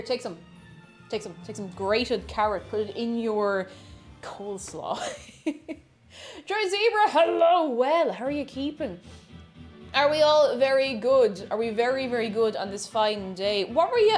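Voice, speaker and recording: Lively chatty woman streamer. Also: on the high side, normal speed, soft background music. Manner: chatty, greets chat by name, frequent laughter. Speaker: variety streamer. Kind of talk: casual live-stream chat while baking.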